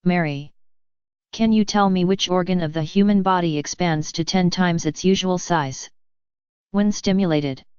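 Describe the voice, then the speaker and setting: A woman's voice: fairly low pitch, measured pace, a little mellow, clean tone, no room sound, muffled recording, lightly acted. A woman reading as a stern schoolteacher. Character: stern female sixth-grade science teacher.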